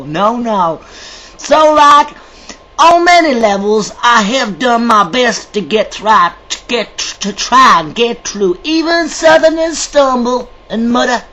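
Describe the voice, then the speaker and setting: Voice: medium pitch, expressive, takes it slowly, sharp tone, rough recording. A vlogger from Ireland talking in a rambling monologue, stumbling over words, swearing often and drifting between accents. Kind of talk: casual video monologue. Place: lives in Germany.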